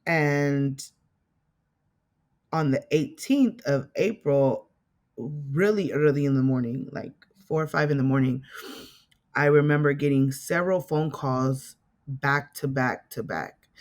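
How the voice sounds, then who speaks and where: A woman's voice: rumbling low, slow pace. Woman telling a personal story. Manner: animated retelling that acts out quoted dialogue. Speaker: podcast guest. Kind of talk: personal storytelling in a podcast interview.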